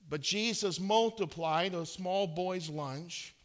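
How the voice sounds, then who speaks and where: A man preaching a sermon, often halting and repeating words with many fillers. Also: sits high. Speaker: pastor.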